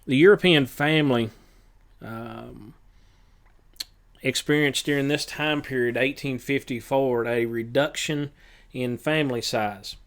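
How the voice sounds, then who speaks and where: A male teacher gives a test review lecture in a smooth, clear voice of ordinary middle pitch with fairly even intonation. His instruction is plain and matter-of-fact, but halting, as he pauses often on fillers while going through his list.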